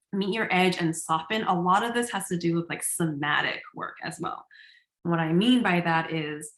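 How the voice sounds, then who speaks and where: Woman, teaching in a chatty register, casual profanity, roomy echo. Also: medium pitch. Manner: conversational, heavy use of "like", swears casually, laughs often. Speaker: coach.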